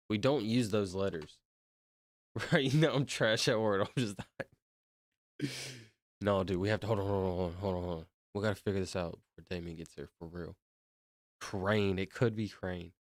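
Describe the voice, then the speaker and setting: This streamer is a young man who rambles in casual slang, counts aloud, and keeps calling people bro. His voice sits on the low side, captured dry with clean studio sound.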